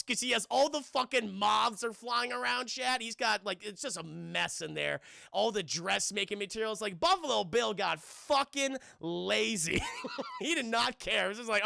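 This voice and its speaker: A man's voice: high-pitched, lively intonation, normal speed, gravelly, bright, forceful tone, no room sound, clean studio sound. A young man streaming a casual, profane, rambling film recap, talking constantly to his live chat.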